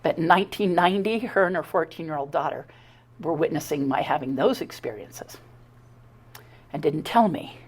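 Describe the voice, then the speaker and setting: A middle-aged woman giving a talk, telling her own story in an animated, conversational way, acting out the dialogue and often stumbling and restarting. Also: deep voice, normal speed, breathy edge. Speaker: speaker giving a talk on her abduction experiences. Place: talk at a spiritual center.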